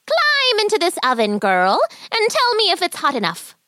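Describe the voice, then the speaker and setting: A woman voicing a cruel, impatient old witch in a bedtime story, with a sharp, shrill, sing-song manner. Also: huge pitch swings, normal speed, no echo, clean studio sound, full character voice. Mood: sharp commanding.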